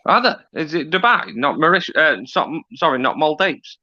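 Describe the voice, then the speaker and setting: A man's voice: fairly high pitch, expressive, normal speed, bright, forceful tone, no echo. A man calling in by phone as a guest, talking in a blunt, slangy way. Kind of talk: casual chat. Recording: dull lo-fi phone call.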